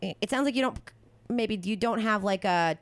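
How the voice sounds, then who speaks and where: Woman, thirties, New Jersey accent, casual chatty talk, smooth clear voice, dry close sound. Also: medium pitch, no room sound. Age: 30s. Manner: chatty, many filler "like"s, quick laughs. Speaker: podcast co-host. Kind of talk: casual chat.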